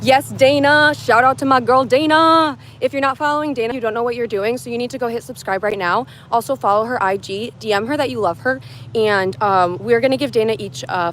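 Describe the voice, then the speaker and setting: In the mountain woods, a young woman from the US holds a casual phone livestream, answering comments in a cheerful, wandering way. Her voice is mid-range, and a little hiss or hum sits under the recording.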